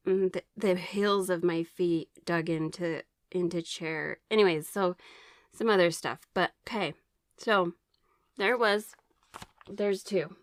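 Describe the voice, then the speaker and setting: Woman vlogger, lowish voice, dry close mic, rambling casual storytelling with lots of ums. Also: takes it slowly, no echo. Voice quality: occasional throat clearing. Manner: chatty, rambling with many fillers and restarts; reads aloud from her own notes. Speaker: vlogger sharing personal experiences.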